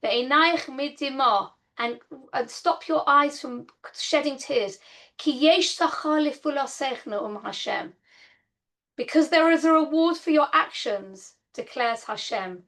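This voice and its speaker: A woman's voice: high-pitched, unhurried, a bit bright. A woman teaching an online Torah class over a video call. She explains step by step, reads Hebrew verses and translates them, and speaks in an earnest, heartfelt way. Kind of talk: online Bible lesson.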